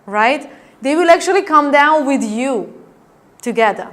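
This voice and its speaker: A woman's voice: sits high, a little slow. A woman teaching a training class, explaining her points with demonstrations and often asking her listeners "right?". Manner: demonstrative, acts out tone changes and asks the class "right?". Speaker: NLP trainer. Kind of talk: classroom lecture.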